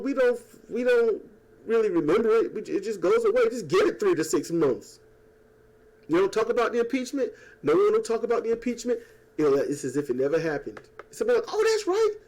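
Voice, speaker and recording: YouTuber, male, slightly high-pitched, rambling sarcastic rant full of profanity and mocking asides. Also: a little mellow. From United States. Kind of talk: casual political rant. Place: at home. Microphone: old desk microphone.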